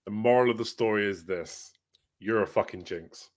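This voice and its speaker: A man's voice: fairly low pitch, moderate pace. A man hosting a gaming podcast, joking crudely and bantering with his panel. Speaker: podcast host. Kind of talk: casual chat.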